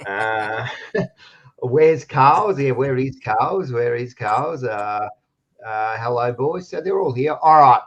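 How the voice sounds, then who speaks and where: A man's voice: mid-range voice, animated, slow pace. Teasing Australian man hosting, lo-fi sound. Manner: loud, teasing, swears freely. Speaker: podcast host. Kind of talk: casual sports banter.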